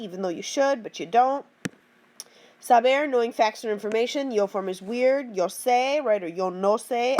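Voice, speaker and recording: Teacher lady going over verb forms, higher voice, keeps asking okay? right?. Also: darkish tone, a little hiss or hum. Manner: patient, checks in with "okay?" and "right?" often. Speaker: Spanish teacher. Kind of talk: classroom grammar lesson.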